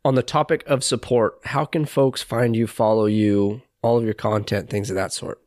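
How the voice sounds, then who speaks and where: A man's voice: on the low side, fairly even intonation, normal speed, darkish tone, dry recording, clean studio sound. A man hosting a podcast interview, friendly and encouraging, with polite, formal phrasing. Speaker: podcast host.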